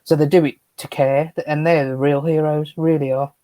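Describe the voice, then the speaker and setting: A man's voice: a little high, little pitch movement, moderate pace, warm tone, no room sound. A man co-hosting a podcast, talking earnestly in casual chat and restarting his sentences often. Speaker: podcast co-host.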